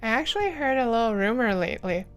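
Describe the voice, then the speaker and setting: Sly teasing classmate, read by a woman, knowing tone, fairly high. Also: expressive, fast, clear, resonant tone, soft background music, lightly acted.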